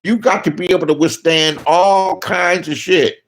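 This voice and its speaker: A man speaking in a profane, casual commentary rant, his voice jumping loud and high when he mocks people. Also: steady tone, a little slow. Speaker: online commentator.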